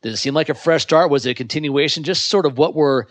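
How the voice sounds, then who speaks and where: A man's voice: a little high, fast talker, no echo. A man hosting a sports interview show, giving long fluent setups before his questions. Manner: fluent, recaps history before asking. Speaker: sports podcast host.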